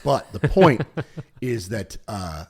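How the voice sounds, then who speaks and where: A man's voice: fairly low pitch, takes it slowly, gravelly, breathy edge. Rambling, filler-heavy man on a podcast. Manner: rambling, lots of "like" fillers and restarts; animated when retelling stories. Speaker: podcast co-host. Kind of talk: casual chat.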